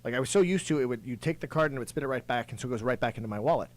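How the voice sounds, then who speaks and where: A man hosting a comedic talk show in a radio studio, quick and chatty, explaining things at length. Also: medium pitch. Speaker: podcast host. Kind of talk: casual comedic banter.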